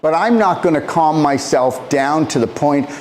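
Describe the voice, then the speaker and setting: A man, a natural health practitioner, delivering an impassioned motivational monologue, emphatic and preachy, repeating phrases and swinging his pitch up and down. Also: normal speed, darkish tone, a little hiss or hum.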